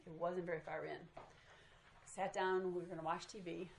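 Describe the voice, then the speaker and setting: A woman's voice: on the low side, little pitch movement, normal speed, creaky, slight background noise, poor audio. A woman teaching a small group in a casual, self-deprecating way, recorded in a meeting room. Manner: chatty, self-deprecating storytelling. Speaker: Bible study teacher.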